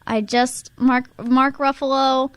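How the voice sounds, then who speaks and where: A woman's voice: sits high, little pitch movement, takes it slowly, a bit bright, clean tone, no room sound. A young woman co-hosting a casual chat podcast, rambling and giggly with lots of restarts. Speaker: podcast co-host.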